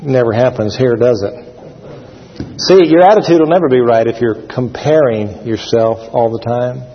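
A man preaching a sermon to a congregation, animated, acting out scenes with shouts and laughs. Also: medium pitch, normal speed. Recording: dull sound with long hall reverb.

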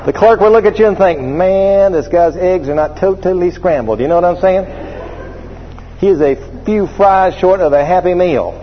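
A man preaching a sermon, working through scripture and telling humorous stories with acted voices in an animated way. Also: sits high, normal speed, slight background noise. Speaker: pastor. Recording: muffled, with long reverb of a large hall.

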